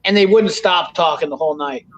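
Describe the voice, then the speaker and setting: Give me a high-voiced man in casual podcast chat, rambling and swearing, with a dull lo-fi sound. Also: fairly quick, a little hiss or hum. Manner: rambling storyteller, swears freely. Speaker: podcast host.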